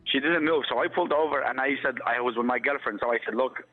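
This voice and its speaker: A man on a tinny phone line tells a radio host his story in an earnest, run-on rush. His voice is mid-pitched and his delivery quick. Faint studio music sits behind the call. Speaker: caller.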